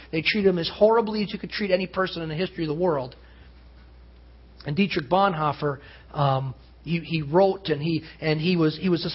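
Male pastor, high husky voice, earnest sermon with swings between loud and hushed, dull lo-fi church recording. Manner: earnest preaching that swells loud and drops to hushed. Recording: dull lo-fi sound.

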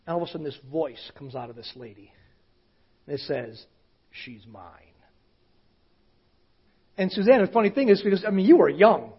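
A pastor with a fairly high, husky voice tells a story from the pulpit, casual and conversational, often sinking to a near hush. The recording sounds dull and lo-fi. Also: male voice, very animated, racing, hardly any pauses. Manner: conversational, often dropping to a hushed voice. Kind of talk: sermon storytelling.

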